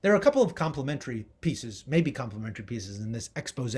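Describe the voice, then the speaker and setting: A man's voice: mid-range voice, sing-song, fast talker, hardly any pauses, a little mellow, slightly rough. A middle-aged man giving a public history lecture with slides, emphatic and rising on key words.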